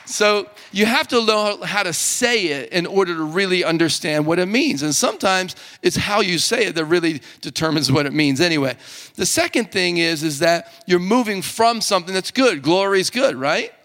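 Guy pastor preaching, jokey and chatty, kinda high voice, big echoey church hall. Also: expressive, moderate pace, fairly bright tone. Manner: joking, conversational preaching to a congregation. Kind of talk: sermon. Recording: long hall reverb.

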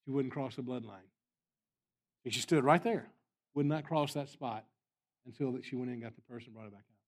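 A man's voice: medium pitch, brisk. Guest preacher, male, earnest storyteller, voice in the middle range. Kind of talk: storytelling sermon.

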